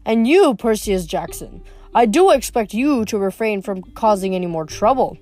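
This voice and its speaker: A woman's voice: mid-range voice, animated, moderate pace, darkish tone, soft background music, lightly acted. Woman reading as a cold, sneering cursed old spirit.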